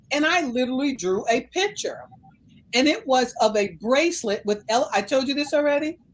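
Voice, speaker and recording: A middle-aged woman minister from the United States telling a personal faith story in conversation, animated and emphatic. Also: fairly high pitch, poor audio. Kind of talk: conversational testimony.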